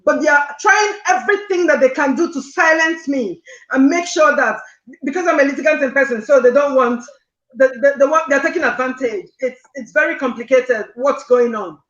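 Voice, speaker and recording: A woman's voice: high-pitched, normal speed, echoey room, dull audio. A woman caller on a live call-in show, earnestly recounting a distressing personal dispute and sometimes near tears. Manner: distressed, earnest, repeats points insistently.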